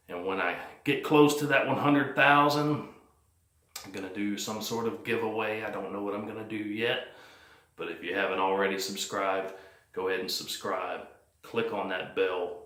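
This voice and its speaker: A man's voice: on the low side, fairly bright tone, reverberant. A man vlogging his post-game thoughts on his team, rambling and plain-spoken with many fillers. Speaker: sports fan vlogger. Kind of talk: casual post-game commentary. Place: cold house, indoors.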